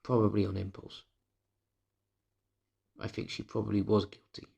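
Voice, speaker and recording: A man recording a confessional vlog, speaking candidly and bitterly, swearing freely and often sinking to a hushed murmur. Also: fairly low pitch, little pitch movement, moderate pace, creaky, husky, lo-fi sound. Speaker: vlogger. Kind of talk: confessional personal vlog monologue.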